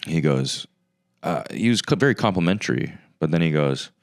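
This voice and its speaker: Low, smooth-voiced sarcastic male host. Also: animated, moderate pace, no echo, studio quality. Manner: sarcastic, mock-arrogant rambling. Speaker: podcast host. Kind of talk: casual comedic monologue.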